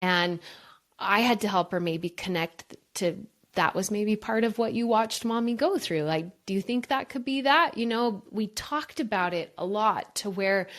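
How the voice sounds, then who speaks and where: A woman's voice: medium pitch, fairly bright tone. A woman guest on a podcast interview, telling a personal story in an earnest, emphatic way. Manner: earnest, emphatic, addresses listeners as "you guys". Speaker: guest, brain coach.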